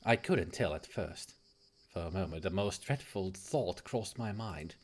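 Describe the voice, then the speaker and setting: A man doing a hushed, composed lady. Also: animated, full character voice. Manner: low, hushed and measured. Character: composed Victorian woman recounting a nightmare. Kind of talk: reading game dialogue aloud.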